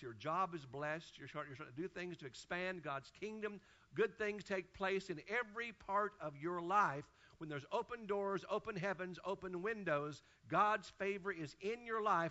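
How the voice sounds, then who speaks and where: A man's voice: on the high side, bright, forceful tone, highs cut off. A male pastor preaching a sermon from a church pulpit, emphatic and stacking repeated phrases in lists.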